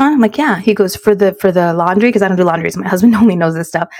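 A woman's voice: mid-range voice, fast talker, a little mellow, no echo, clean studio sound. A middle-aged woman, co-host of a chat podcast, telling a story with lots of laughs and Spanish phrases mixed into her English, her throat a little sore.

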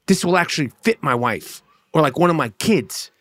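A middle-aged man tells a rambling comic story in a brash, boastful way, with a fair amount of cussing. His voice sits a bit higher than most men's. The sound is dry and close, with no room echo. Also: lively intonation, normal speed, fairly bright tone. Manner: brash, boastful, rambling riffs with heavy swearing. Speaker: comedian telling a story.

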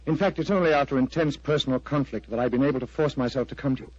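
A man's voice: mid-range voice, rapid-fire, darkish tone, no echo, natural voice. An actor playing an agitated, earnest clergyman in a vintage radio drama, pleading and intense. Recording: dry, dull lo-fi old radio recording.

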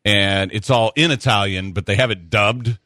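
A man hosting a sports radio show, chatting casually and telling stories with quick asides. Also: lowish voice, no echo, studio quality. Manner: animated storyteller, quick asides.

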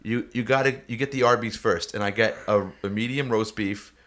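Man, podcast co-host, bright tone, chatty, casual chat. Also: on the low side, fairly even intonation, fairly quick.

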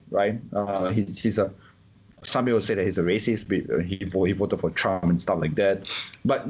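The interviewee, a man from Singapore, offers his views in casual conversation, frequently repeating himself and restarting with lots of fillers. His fairly low voice has a darkish tone and a breathy edge, captured in dull lo-fi sound.

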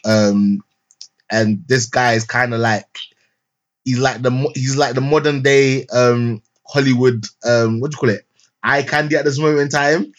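A young man co-hosting a podcast reviews a film in casual chat over a remote call mic. His mid-range voice is steady and moves at normal speed, while his talk rambles with plenty of fillers, restarts and street slang.

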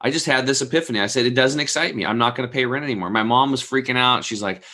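A man in his forties with a bright, forceful tone tells a rambling personal story in a casual chat. He animates it by acting out the people he quotes, and drops casual swearing along the way. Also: medium pitch, very fast, few pauses. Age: 40s. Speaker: guest telling a story.

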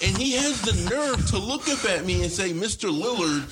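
A young man with a high-sitting voice rambles through a long story on a podcast at a normal speed, with music playing behind him. His animated retelling is casual and loaded with fillers and swearing.

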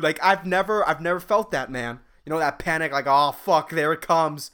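A man's voice: on the high side, normal speed, few pauses, a bit bright, clear, resonant tone. A man hosting a solo podcast in a casual, profane, rambling rant, often laughing at his own jokes. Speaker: podcast host.

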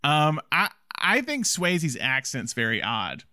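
Bright, animated man in casual film talk. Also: fairly high pitch, slow, clear, resonant tone, no room sound, studio quality. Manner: animated, laughs often, restarts when excited. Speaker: podcast co-host.

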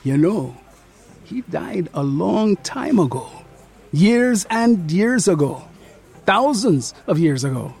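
A narrator voicing a smooth-talking man who speaks gently and patiently. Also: medium pitch, big pitch swings, slow pace, heavily acted. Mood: gentle.

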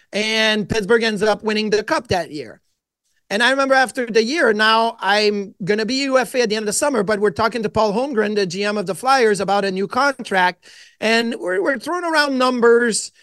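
A middle-aged man, a podcast guest, telling stories in an animated way and acting out his own quotes. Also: high-pitched, no echo. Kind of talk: casual storytelling interview.

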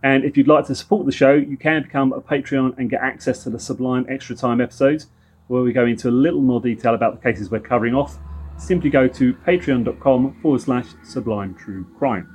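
A middle-aged man with a London accent trades dry, joking banter as a podcast co-host. His voice is husky with a slightly rough edge, and he talks at an easy, relaxed pace. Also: mid-range voice, fairly quick. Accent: London English. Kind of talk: casual chat.

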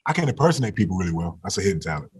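Young male football player guest, husky low voice, easygoing and quick to laugh. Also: big pitch swings, darkish tone. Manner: laid-back, laughs often, emotional recalling. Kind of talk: casual interview talk.

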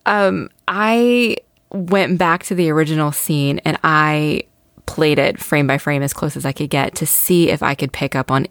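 Woman chatting about a tv episode, a bit low, excited and nerdy, dry close sound. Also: unhurried, no echo. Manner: enthusiastic, self-deprecating, chatty. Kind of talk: casual chat recapping a TV episode.

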